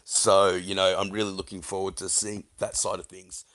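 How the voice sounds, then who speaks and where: Low-voiced opinionated man. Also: little pitch movement, normal speed, fairly bright tone. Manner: opinionated, rhetorical questions. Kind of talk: casual podcast chat.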